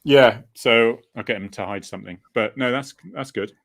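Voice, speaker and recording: A man's voice: medium pitch, creaky. A man co-hosting a casual chat, joking and teasing as he talks. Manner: jokey, teasing, quick to laugh. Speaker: co-host.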